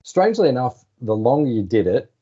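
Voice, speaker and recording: An Australian man in his forties, a former sports journalist, telling relaxed anecdotes in a podcast interview. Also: medium pitch, a little fast, slightly rough. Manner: relaxed, anecdotal, acts out quoted phone calls. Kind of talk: casual storytelling interview. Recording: slightly dull podcast audio.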